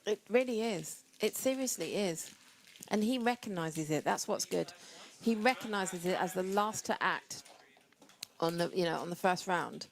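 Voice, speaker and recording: A woman's voice: fairly low pitch, normal speed, gravelly. A woman giving casual live poker commentary, chatty and playful in her banter.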